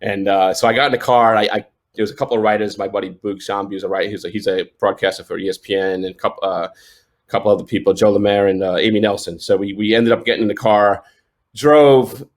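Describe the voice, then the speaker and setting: A man's voice: fairly low pitch, fairly even intonation, fast talker. A man in his forties, a sports photojournalist, telling stories in a casual interview, rambling with restarts and fillers and laughing often. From New York.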